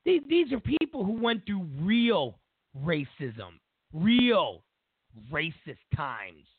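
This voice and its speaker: A man hosting a show, giving an opinionated political commentary as a mocking, animated rant. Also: sits high, takes it slowly, husky, dry recording. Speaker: show host. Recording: tinny phone-like dry audio.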